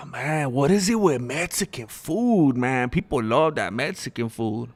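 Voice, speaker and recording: A man's voice: medium pitch, animated, takes it slowly. A young man hosting a livestream, talking candidly and rambling in casual chat with viewers. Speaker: livestream host.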